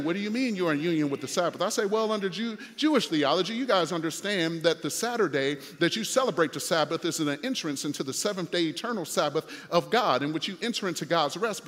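A man preaching a sermon as pastor, animated, with playful asides and rising to shouts. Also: high-pitched, big-room sound.

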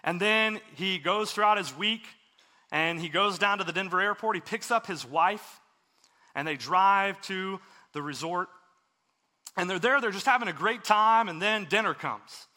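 A man's voice: high voice, unhurried, bright, forceful tone. A man preaching a sermon, telling a story in an earnest, conversational way.

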